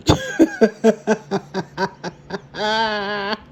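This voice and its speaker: A woman, casually recapping a TV drama episode, animated and laughing, with lots of repeats and restarts. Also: mid-range voice, very slow, a little hiss or hum. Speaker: TV show reviewer.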